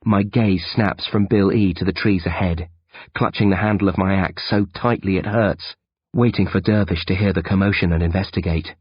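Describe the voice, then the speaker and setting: Low, husky audiobook narrator, a man. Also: fairly even intonation, normal speed, no echo. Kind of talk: first-person audiobook narration. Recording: dull, dry lo-fi recording.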